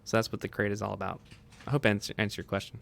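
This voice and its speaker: A young man hosting a casual livestream, excitable and laughing often as he chats with viewers. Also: lowish voice, racing, vocal fry, slight background noise. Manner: excitable, laughs often, quotes movie lines in funny voices. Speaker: livestream host.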